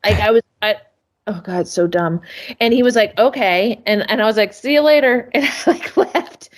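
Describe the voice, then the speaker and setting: A woman guest on a podcast telling a casual story about her career, self-mocking and acting out what others said with sudden high-pitched quotes. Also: moderate pace. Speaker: podcast guest, family photographer.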